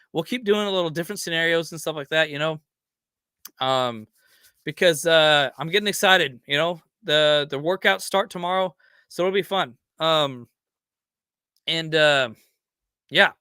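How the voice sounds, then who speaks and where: A man's voice: on the high side, bright, forceful tone, clean tone, no echo, studio quality. A man hosting a fan podcast, talking casually and heartfelt with lots of fillers. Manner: rambling, heartfelt, lots of "you know". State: getting choked up. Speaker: podcast host.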